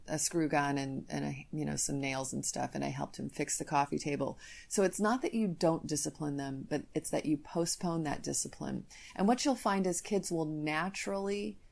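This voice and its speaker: A woman's voice: low-pitched, vocal fry. A middle-aged woman hosting a parenting podcast, teaching and telling candid family stories with frequent restarts. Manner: candid, storytelling, self-interrupting restarts. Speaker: podcast host, parenting coach.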